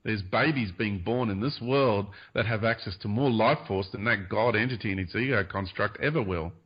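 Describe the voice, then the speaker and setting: Low-voiced guy on a radio show, earnest, lots of ums, muffled lo-fi audio. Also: breathy edge. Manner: earnest, hedging, many pauses and fillers. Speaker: guest. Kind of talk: spiritual interview talk.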